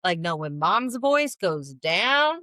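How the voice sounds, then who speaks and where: A woman co-hosting a podcast in casual chat, animated and thoughtful, getting loud when she gets excited. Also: fairly low pitch, slow pace, no room sound. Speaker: podcast co-host.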